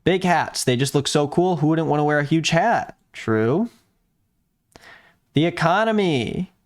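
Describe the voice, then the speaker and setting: A man hosting a livestream in casual chat, sarcastic and often jumping into high mock-excited tones. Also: a little slow. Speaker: streamer hosting.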